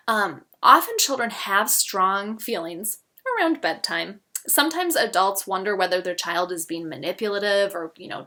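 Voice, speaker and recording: A woman gently explaining parenting steps, modeling soothing phrases for children. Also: medium pitch. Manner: gentle, explains step by step with spoken examples. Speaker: parenting educator. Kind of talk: instructional talk with example phrases.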